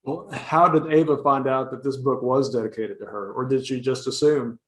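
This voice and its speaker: A man's voice: medium pitch, fairly even intonation, moderate pace, husky, poor audio. A man hosting a casual interview, asking easygoing questions. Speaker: podcast host.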